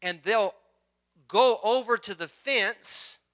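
Bright-voiced male pastor preaching. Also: sits high, slow. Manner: conversational preaching with frequent restarts and throat clearing. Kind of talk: sermon.

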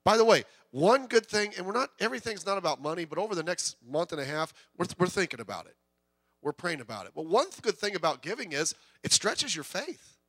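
A man's voice: sits high, fairly bright tone, no room sound. A middle-aged man preaching a sermon in a conversational, joking way that swells into bursts of intensity. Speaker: pastor.

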